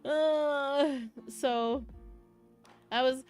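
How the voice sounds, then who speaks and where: A woman's voice: high voice, fairly even intonation, very slow, darkish tone, faint music behind. A young woman streaming casually to her chat, recounting a meetup in an emotional, rambling way, often close to tears and laughing. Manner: emotional, giggly, tearful, rambling with restarts.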